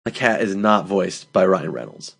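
A man's voice: low-pitched, animated, moderate pace, creaky, husky. A man hosting a comedy podcast, bantering and joking, sometimes switching into a mock-grand, solemn tone. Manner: jokey, slips into mock-grand solemn delivery. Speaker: podcast host.

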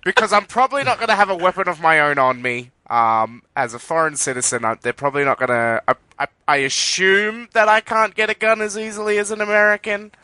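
A man's voice: high voice, fairly quick, few pauses, pushed and bright, a little hiss or hum. An Australian man co-hosting a casual podcast, wry and jokey, thinking aloud with ums. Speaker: podcast co-host. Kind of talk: casual chat.

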